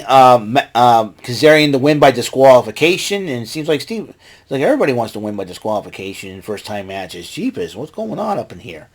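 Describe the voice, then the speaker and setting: A man hosting a casual show, recapping events in a rambling way and jumping into raised voices when he quotes people. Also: mid-range voice. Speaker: podcast host recapping wrestling.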